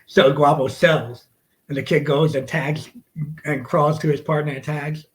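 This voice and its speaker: Profane, animated man telling a wrestling story. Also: fairly high pitch, measured pace, poor audio. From United States. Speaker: wrestler guest. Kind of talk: casual storytelling interview.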